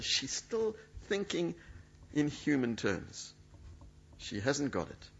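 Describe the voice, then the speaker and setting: Male preacher, dramatic sermon delivery, lively pitch. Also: slow, creaky, slightly rough. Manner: emphatic, dramatic, acts out quoted speech. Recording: dull lo-fi sound.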